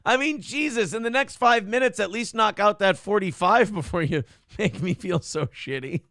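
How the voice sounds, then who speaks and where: Gravelly, profane male show host. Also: high-pitched, moderate pace, bright, forceful tone, no echo, studio quality. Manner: profane, storytelling, laughs often. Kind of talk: casual chat.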